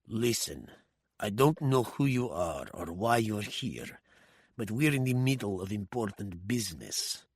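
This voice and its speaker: A man voicing a bullying gangster who talks in a low, threatening, profane way. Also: big pitch swings, unhurried, breathy edge, no echo, studio quality, full character voice.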